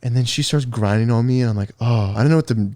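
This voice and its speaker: A man's voice: medium pitch, fast, dark tone, no echo. Sheepish young man telling a story. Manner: sheepish, laughing, says "dude" a lot. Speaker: podcast co-host. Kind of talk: casual storytelling chat.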